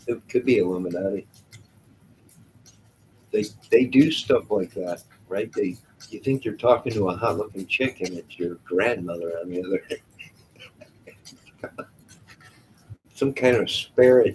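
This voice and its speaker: A man's voice: lowish voice, measured pace, pauses often, a little mellow, a little hiss or hum, rough recording. A man hosting a casual live stream, reacting to his chat with jokes, exclamations and frequent laughs. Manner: joking, exclamatory, laughs often. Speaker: livestream host reading chat.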